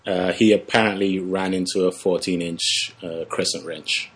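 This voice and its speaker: A man's voice: sits low, steady tone, normal speed, fairly bright tone, slightly rough. A man co-hosting a casual film podcast, chiming in with dry, sarcastic asides. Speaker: podcast co-host. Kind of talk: casual film breakdown chat.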